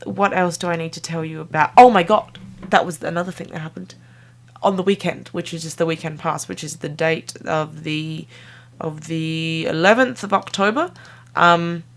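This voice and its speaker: A young woman talks straight to her viewers in a loose, rambling vlog, giggling as she goes. Her voice sits a touch low for a woman, and she hops from one thought to the next in an easy, chatty flow. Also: a bit bright. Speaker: vlogger. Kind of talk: casual vlog chat to camera.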